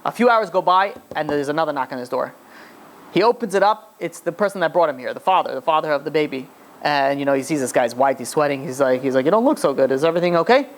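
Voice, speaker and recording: A man, a rabbi, telling a story in a lecture with animated delivery and frequent restarts. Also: on the high side, fast talker.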